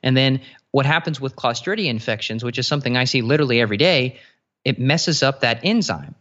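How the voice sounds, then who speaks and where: A man in a casual interview explains things eagerly, piling up asides and restarting his sentences. His voice sits at an ordinary pitch. The audio is dull and a bit lo-fi. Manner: animated explainer, quick asides, many restarts. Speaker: guest nutritionist.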